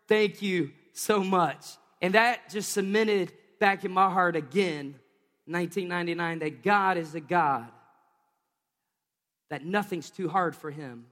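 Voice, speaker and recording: A man preaching a sermon, telling a story with animated energy and acting out the people in it with playful voices. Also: high voice. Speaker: pastor. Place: large church hall. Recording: long hall reverb.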